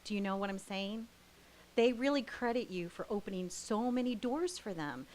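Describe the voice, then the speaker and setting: A woman's voice: mid-range voice, expressive, moderate pace, a little mellow, a little hiss or hum. A woman hosting her show, chatting enthusiastically with comedians backstage at a theater. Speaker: show host and interviewer. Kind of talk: backstage interview. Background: audience filling the theater.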